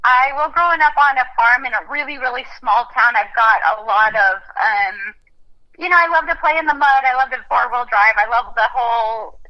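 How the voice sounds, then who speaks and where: A woman's voice: fairly high pitch, fairly quick. A young adult woman from Texas, a country singer, chatting casually in an interview and laughing often, heard over a phone line. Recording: muffled phone-line audio.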